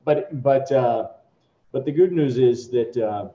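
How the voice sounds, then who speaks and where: Middle-aged male exec, casual rambling talker, mellow tone, roomy muffled recording. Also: mid-range voice, takes it slowly. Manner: rambling, self-interrupting storytelling. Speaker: company CEO giving a software demo. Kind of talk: casual chat. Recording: echoey, dull lo-fi room sound.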